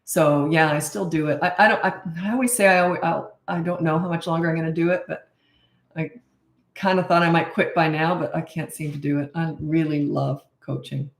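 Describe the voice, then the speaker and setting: A woman's voice: low voice, fairly even intonation, a little fast, creaky. A woman in her sixties, a parenting coach, answering viewer questions in a blunt, emphatic and opinionated way. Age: 60s. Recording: echoey room.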